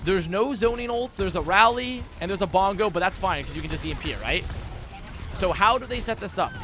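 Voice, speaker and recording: A young man giving a casual esports match breakdown, talking fast and excitably, with frequent swearing and restarts. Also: high voice, slight background noise. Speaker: esports analyst.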